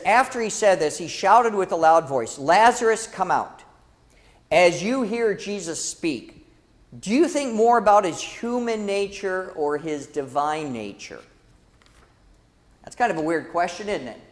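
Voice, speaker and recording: A man teaching a church Bible class in a lively, dramatic way, calling out to the class. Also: sits high, unhurried, long reverb tail. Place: church hall.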